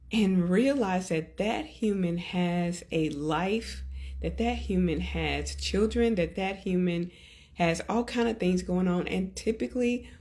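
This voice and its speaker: Slow, earnest woman hosting a podcast. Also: on the low side. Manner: earnest, gently coaching, speaks in slow deliberate phrases. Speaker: podcast host. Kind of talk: reflective solo podcast talk.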